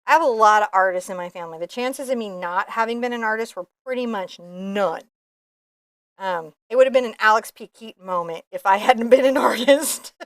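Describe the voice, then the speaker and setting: A middle-aged woman chatting in an opinionated, animated way while teaching a painting lesson. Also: mid-range voice, brisk, no echo, clean studio sound. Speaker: painting instructor. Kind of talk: casual painting lesson chat.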